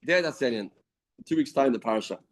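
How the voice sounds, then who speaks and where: A man giving a daily Talmud class in a study hall, lively, weaving Hebrew and Yiddish terms into English. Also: medium pitch, fast talker. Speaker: Talmud teacher. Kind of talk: Talmud lecture.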